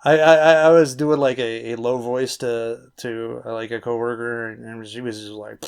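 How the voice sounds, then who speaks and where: A man's voice: mid-range voice, steady tone, clean tone. A man reading his own poetry and chatting between poems in a rambling, self-deprecating way. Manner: slow, rambling, self-deprecating, laughs at himself.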